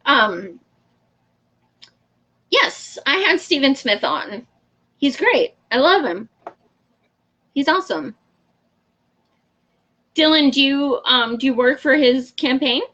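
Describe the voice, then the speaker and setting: A woman hosting a casual livestream, talking frankly in a slightly high voice and laughing easily. She swears without a second thought and chats with viewers by name. The sound is dull and lo-fi. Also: lively intonation, slow pace, pauses often, bright, forceful tone. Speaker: show host. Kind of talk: casual livestream chat answering viewer comments.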